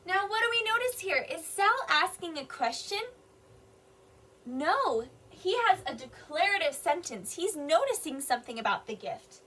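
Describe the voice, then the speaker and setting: Bright, singsong kindergarten teacher reading aloud. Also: female voice, sits high, very animated. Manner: slow, deliberate, explains each sentence simply. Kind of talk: reading a picture book aloud to young children. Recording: voice a bit distant from the mic.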